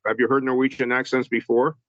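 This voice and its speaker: A man answering interview questions in a halting way, often repeating words as he thinks. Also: mid-range voice, little pitch movement, a bit bright, no room sound, highs cut off. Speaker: guest, true-crime author.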